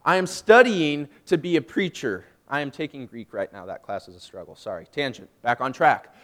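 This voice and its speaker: A young man giving a personal faith testimony, emotional and swinging from hushed, drawn-out phrases to loud, emphatic ones. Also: mid-range voice, expressive. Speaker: student speaker giving testimony.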